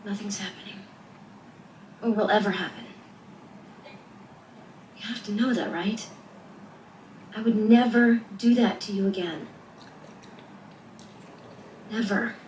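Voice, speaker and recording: Actress as a pleading girlfriend in a TV drama, unhurried, soft-spoken, roomy distant sound. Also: mid-range voice, steady tone, a little hiss or hum, close to an everyday voice. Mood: earnest. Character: woman pleading with her angry boyfriend. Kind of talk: TV drama acting. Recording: roomy, distant TV clip audio.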